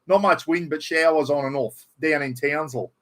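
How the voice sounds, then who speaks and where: A man's voice: on the high side, moderate pace, a bit bright. A man with an Australian accent chatting casually to viewers on a home livestream, swearing freely and reading out names. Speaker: livestream host. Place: at home indoors. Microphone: computer livestream.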